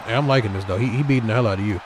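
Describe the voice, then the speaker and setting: A man giving excitable, trash-talking play-by-play commentary over a wrestling video game, talking straight to the wrestlers. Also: fairly low pitch, very fast, background noise.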